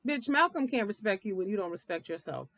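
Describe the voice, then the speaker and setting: A woman of middle pitch talks straight into a dry, close mic with no room sound. She recaps a TV episode in a blunt, profane, animated way and laughs often. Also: quick pace, no echo. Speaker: reality TV recap vlogger. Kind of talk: casual episode recap commentary.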